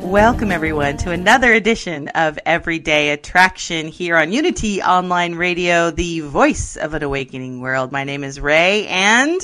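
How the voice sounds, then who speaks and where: A woman's voice: fairly low pitch, lively intonation, normal speed, hardly any pauses, a bit bright, faint music behind. A woman hosting a radio talk show, upbeat and chatty, laughing often as she talks. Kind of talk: casual radio chat.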